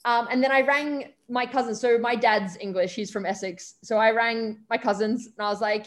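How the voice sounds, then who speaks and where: A woman's voice: on the high side, normal speed, few pauses. Chatty young Australian woman storyteller. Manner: lively anecdotes, acts out quoted voices, frequent "um" and "like". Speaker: interview guest, stage performer. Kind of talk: casual storytelling.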